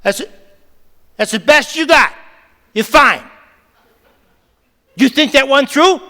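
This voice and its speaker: A man playing a pushy, upbeat high school shop teacher who barks insistent repeated calls, in a big echoing hall. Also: lively intonation, slow, bright, forceful tone, exaggerated voice. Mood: teasing. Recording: long reverb of a big hall.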